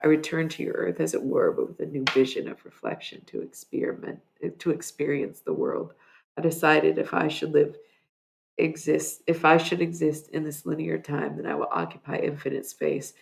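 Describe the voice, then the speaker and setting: A streamer with a gravelly, fry-laden voice pitched in the middle range, speaking into a desk mic. The prose is read with slow, deliberate weight. The chat afterwards is soft and rambling, full of "like"s. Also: expressive. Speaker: livestreamer. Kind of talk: reading own prose poem aloud, then casual livestream chat.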